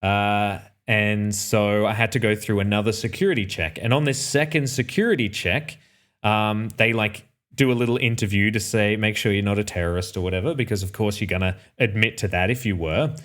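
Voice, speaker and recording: A man's voice: fairly low pitch, fairly quick, a bit bright. An Australian man telling a personal travel story in a casual, rambling way, often correcting himself and dropping dry asides. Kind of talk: casual anecdote.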